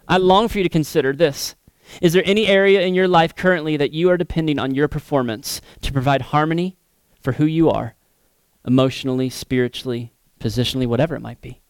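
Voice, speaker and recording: A pastor preaching a sermon in an earnest manner, swinging between emphatic, raised passages and soft, hushed ones. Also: male voice, mid-range voice, clean tone, no echo.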